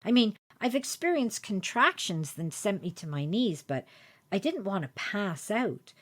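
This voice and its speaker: A woman's voice: mid-range voice, very animated, a little slow. A woman hosting a podcast, telling a personal story in a chatty, self-deprecating way. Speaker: podcast host.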